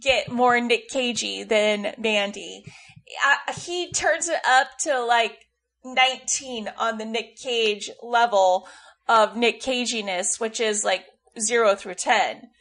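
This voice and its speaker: A woman co-hosting a podcast in an eager, gushing way, with plenty of "like" in her speech. Her voice sits a little high. She sounds relaxed and chatty. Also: takes it slowly. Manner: gushing, with many likes. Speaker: podcast co-host. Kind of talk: casual chat.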